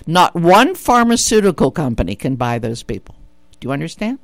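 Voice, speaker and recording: A woman's voice: low-pitched, big pitch swings, fairly quick, no room sound. A woman hosting a radio talk show, chatting in an opinionated, emphatic way that repeats her points and asks the listener rhetorical questions. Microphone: studio radio mic.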